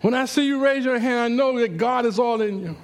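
A man's voice: extremely high pitch, a little fast, pitched above the performer's own voice. A man voicing a talkative older church lady who showers a young man with fawning praise. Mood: gushing. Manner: fawning, breathless flattery.

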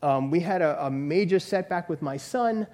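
A man's voice: lively intonation, moderate pace, darkish tone. A man giving an informal sermon, telling personal stories in a conversational way. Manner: conversational storytelling, rising pitch when stressing a point. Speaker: lay preacher.

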